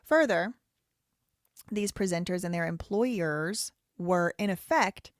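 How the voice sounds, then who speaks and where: A woman's voice: on the low side, slow pace, no room sound, clean studio sound. A woman hosting a live show, reading a lawsuit aloud in a casual, rambling way, with wry asides and frequent self-corrections.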